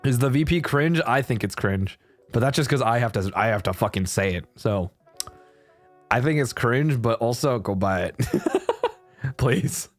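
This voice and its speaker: A man's voice: mid-range voice, lively intonation, a little slow, long pauses, faint music behind. A young man chatting casually on a livestream. He laughs often and swears freely. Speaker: streamer.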